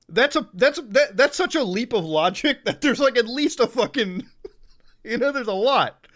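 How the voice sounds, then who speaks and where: A man on a live stream rants in a high, fairly bright, sarcastic voice, swearing nonstop and hammering every point. He keeps adding "okay?" and "all right?" to the ends of his sentences.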